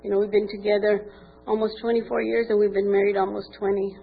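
A woman's voice: medium pitch, little pitch movement, quick pace, gravelly, slightly rough. An older woman telling her recovery story candidly at a meeting, acting out quoted dialogue. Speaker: speaker sharing at a recovery meeting. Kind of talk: personal testimony. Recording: tinny phone-like recording with faint noise.

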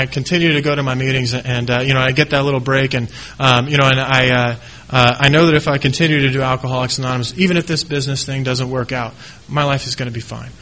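Earnest, halting man with a bright voice. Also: medium pitch, rough recording. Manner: earnest and halting, with many restarts. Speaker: speaker sharing his recovery story. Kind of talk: personal testimony speech.

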